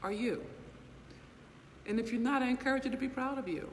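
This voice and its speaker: A woman's voice: a little high, fairly quick. Blunt, emphatic woman speaker in a reverberant space. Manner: emphatic, blunt and profane, full of rhetorical check-ins. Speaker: inspirational speaker and business mentor. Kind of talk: motivational livestream talk. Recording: long reverb with faint background noise.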